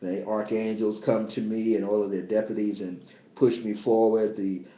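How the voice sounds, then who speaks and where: A man's voice: flat delivery, normal speed. Emphatic man preaching over a lo-fi stream. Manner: emphatic and repetitive, swinging from loud high exclamations to low, subdued asides. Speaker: bishop and spiritual teacher. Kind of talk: livestreamed spiritual teaching. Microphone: tablet device. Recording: roomy, dull lo-fi tablet livestream.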